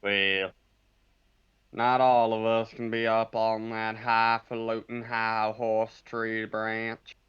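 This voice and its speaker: A man's voice: lowish voice, monotone, takes it slowly, hardly any pauses, clear, resonant tone, dull audio. A man playing in a tabletop game, joking in character in a laid-back way. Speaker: player.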